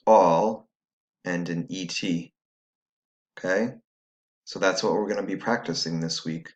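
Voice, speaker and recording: A man teaching a recorded phonics lesson, patiently explaining step by step to students at home. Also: deep voice.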